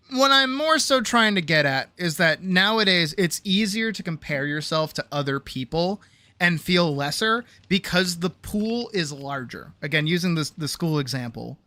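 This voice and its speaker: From a home streaming setup, this streamer's casual chat with viewers wanders and swears a lot, with frequent laughter and sentences cut short. The mid-range voice has a sharp tone, and the recording carries no echo.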